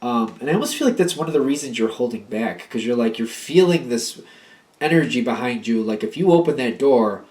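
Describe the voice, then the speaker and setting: A man of middle pitch talks through a tarot reading in a loose, casual way. He rambles and repeats points for emphasis. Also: expressive, fairly quick, darkish tone. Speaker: tarot card reader.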